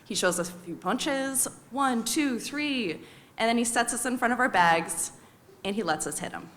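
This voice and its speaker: A woman in her thirties with an American accent, telling a confessional personal story on stage in a wry, animated way. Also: fairly high pitch, moderate pace. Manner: confessional, wry, animated when quoting people.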